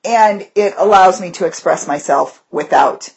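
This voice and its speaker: A woman teacher co-hosts a podcast, chatting casually and animatedly about her classroom. Her lowish voice is husky and measured in pace. She tells stories with energy, breaking into different voices.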